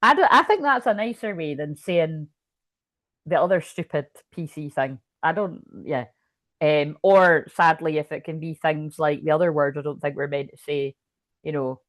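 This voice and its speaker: A woman's voice: low-pitched, normal speed, dry recording. A woman doing a casual tarot reading as a psychic medium, talking in a rambling way, breaking off mid-sentence and laughing often, with hiccups. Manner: rambling, self-interrupting, chatty with frequent laughs.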